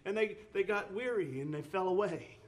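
A man's voice: sits high, normal speed. A man preaching a sermon, earnest, with rising emphatic bursts, often repeating words and restarting phrases.

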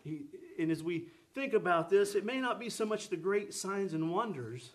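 A man with a fairly high voice preaching with fervent energy. He calls out questions and affirmations to his congregation as he drives his sermon along. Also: animated, moderate pace.

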